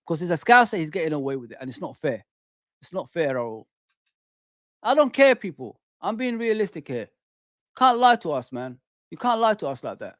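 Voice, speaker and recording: Football fan host, male, heated and repetitive on a desk mic, high voice. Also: sing-song, a little fast, dry recording, clean studio sound. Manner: heated, repetitive, calls listeners "people" and "man". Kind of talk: ranting fan commentary. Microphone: desk microphone.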